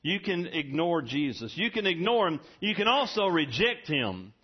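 A man's voice: fairly high pitch, big pitch swings, normal speed, slightly rough. Folksy preacher man, muffled recording. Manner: folksy storytelling, laughs often. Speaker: pastor. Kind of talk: sermon.

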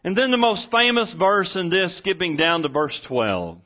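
A man's voice: sits high, big pitch swings, normal speed. A man preaching a sermon in a church, earnest and repetitive, often restarting his sentences. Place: church room with congregation. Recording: dull lo-fi sermon recording.

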